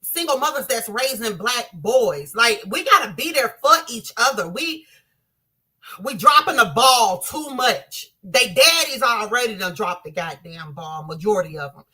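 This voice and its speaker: Woman in her thirties ranting to viewers, bright husky voice, kinda high. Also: very animated, measured pace. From Southern US. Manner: impassioned, addresses viewers as y'all. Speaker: commentator. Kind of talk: emotional commentary to viewers.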